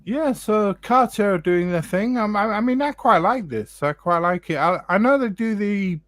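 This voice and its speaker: A man hosting a live watch chat, relaxed and jokey, thinking aloud with plenty of fillers. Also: high-pitched, normal speed, dry recording. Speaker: watch show host.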